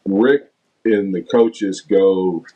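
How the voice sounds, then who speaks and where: A man's voice: deep voice, very slow, phone-quality sound. A middle-aged man, a former basketball player, telling stories as a guest in a casual interview and acting out what others said. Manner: animated storyteller, acts out teammates' lines.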